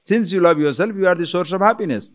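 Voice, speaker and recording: A man, a spiritual teacher giving an animated lecture on scripture, full of rhetorical questions and chuckles. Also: high voice, quick pace.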